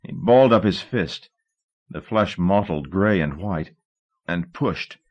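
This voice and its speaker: A man narrating a novel in a measured, steady audiobook reading. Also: low voice, lo-fi sound.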